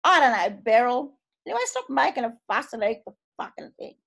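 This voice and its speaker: A woman's voice: fairly high pitch, big pitch swings, fairly quick, gravelly, fairly bright tone, full character voice. An Australian woman reading the brusque, swearing lines of an impatient older husband.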